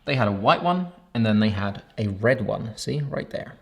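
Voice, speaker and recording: A man presents gear in a review vlog with playful enthusiasm. His voice sits on the low side, with a gravelly edge. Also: lively intonation, moderate pace. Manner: enthusiastic, playful demo talk. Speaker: tech reviewer.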